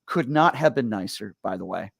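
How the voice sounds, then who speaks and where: A male radio show host telling stories in casual chat, animated and full of quick restarts. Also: fairly low pitch, creaky, slightly rough, no room sound. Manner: rapid, animated, stumbling restarts.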